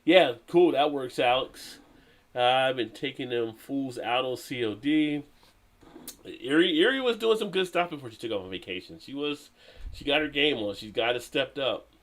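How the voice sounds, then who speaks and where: A relaxed man hosts a live stream and chats easily with his viewers. He reads their comments aloud, greets them by name, and laughs often. His voice sits at an ordinary middle pitch. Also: moderate pace. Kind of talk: casual live stream chat.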